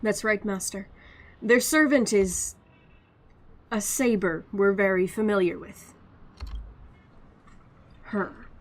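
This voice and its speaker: A woman voicing a stoic, somewhat cocky male archer hero from a game, in a lowered, guarded voice. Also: slow, pauses often, natural voice. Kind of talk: voicing game characters on stream.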